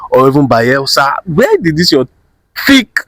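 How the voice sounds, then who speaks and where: A man's voice: a little high, big pitch swings, unhurried, a bit bright, no echo, studio quality. A Nigerian man hosting an interview, asking teasing questions with Pidgin asides. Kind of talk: casual interview chat.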